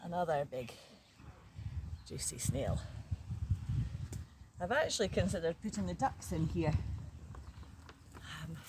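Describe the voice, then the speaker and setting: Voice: mid-range voice, very animated, takes it slowly, pauses often, background noise. An older vlogger chatting casually in a matter-of-fact way while working outdoors in a garden. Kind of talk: casual chat.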